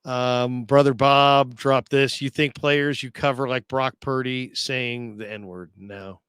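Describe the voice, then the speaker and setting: A man's voice: medium pitch, steady tone, slow pace, fairly bright tone, clean tone, no echo. A man hosting a casual sports talk show, reading viewer comments aloud and laughing often.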